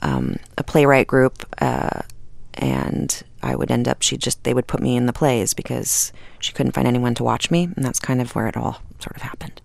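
A middle-aged actress chatting as a radio interview guest, rambling with fillers and restarts and laughing often. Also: female voice, rumbling low, expressive, normal speed, vocal fry, a little mellow, no echo. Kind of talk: casual interview conversation.

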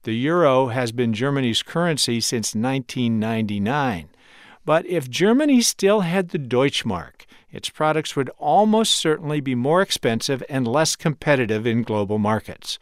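A male correspondent reads a scripted news report in a measured, clear way. His pitch moves a lot, and the studio sound is dry with no room echo. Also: sing-song. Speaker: radio correspondent.

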